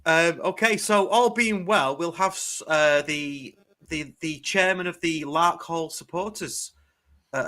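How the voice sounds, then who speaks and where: English male co-host, bright, slightly raised voice, chatty with hesitant fillers. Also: a little high. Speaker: podcast co-host. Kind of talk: casual football chat.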